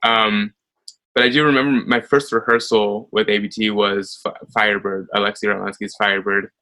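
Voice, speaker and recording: An American man in his thirties, talking through his career in a relaxed interview. His voice sits fairly low but comes across bright and forceful. He tells stories in an animated way, with plenty of ums and little laughs. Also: normal speed, poor audio. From United States. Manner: animated storytelling with frequent fillers and laughs. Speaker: ballet soloist guest. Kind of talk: conversational interview.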